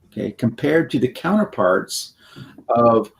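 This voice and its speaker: A man's voice: mid-range voice, animated, measured pace. A man co-hosting a self-help podcast, explaining ideas in a loose, rambling way and acting out example phrases. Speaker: podcast co-host. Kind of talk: conversational teaching.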